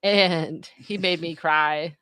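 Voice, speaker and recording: A chatty woman hosts a relaxed live stream and tells a story at an easy pace. Her speech is full of "like" and "you know," and she laughs often as she talks. The recording is close and dry, with no room sound. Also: low voice, slow, clear, resonant tone, no echo. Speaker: livestream host.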